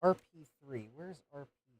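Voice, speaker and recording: A man's voice: a little high, lively intonation, a little slow, dry recording. A man hosting a live repair stream, thinking aloud and counting pins as he checks a circuit board. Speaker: host of a retro computer repair livestream.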